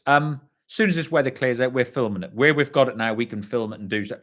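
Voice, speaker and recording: A middle-aged man chats loosely through viewer comments on a live stream. His talk is sweary and rambling, pitched in an ordinary mid range. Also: fast talker, hardly any pauses, a bit bright. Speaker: livestream host. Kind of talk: casual live chat reading viewer comments.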